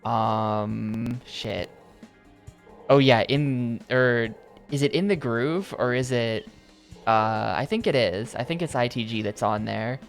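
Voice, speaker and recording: A man chatting casually over his gameplay stream, circling back and hedging with "like" and "I think" as he goes. His voice sits at a medium pitch, with soft game music running in the background. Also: slow, creaky. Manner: rambling, hedging with lots of "like".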